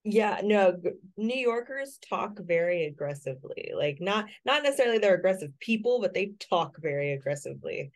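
A woman's voice: mid-range voice, animated, a little fast, hardly any pauses. A woman from California co-hosting a podcast in casual banter; she is blunt, laughs often and swears casually. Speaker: podcast co-host.

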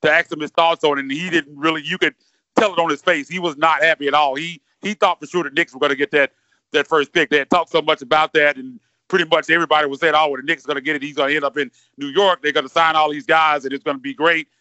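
A man's voice: fairly high pitch, steady tone, quick pace, bright, forceful tone, no room sound, muffled recording. A man co-hosting a sports podcast, rambling and repeating words as he thinks aloud. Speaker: podcast co-host. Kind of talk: casual sports podcast chat.

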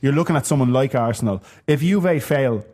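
A man's voice: mid-range voice, animated, a little fast, a little mellow. An Irish man co-hosting a podcast, chatting casually about football with restarts and swearing. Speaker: podcast co-host.

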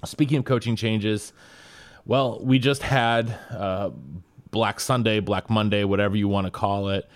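A man's voice: on the low side, steady tone, no echo, clean studio sound. A man hosting a casual college football podcast, upbeat and chatty, introducing his co-hosts and reading sponsor spots. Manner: upbeat, reads sponsor spots in a brisk promo delivery. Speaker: podcast host. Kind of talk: casual sports podcast chat.

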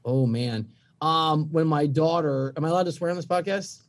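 A man guesting on a podcast, a sports radio host telling lively anecdotes in casual chat. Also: fairly high pitch, moderate pace. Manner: lively storyteller, mimics voices in anecdotes.

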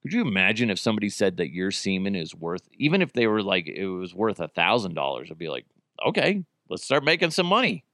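A man's voice: low voice, expressive, fast talker, hardly any pauses, a bit bright, no echo. Male podcast host, casual solo chat, crude self-mocking humor, dry sound.

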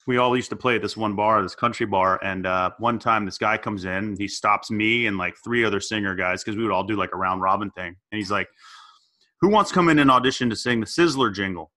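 A man with a bright, forceful voice, chatting casually on a comedy talk show. He tells animated stories and leaps high in pitch when he acts out other people. His delivery is loose and playful. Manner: animated storyteller, jumps up in pitch for quoted voices. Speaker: podcast co-host.

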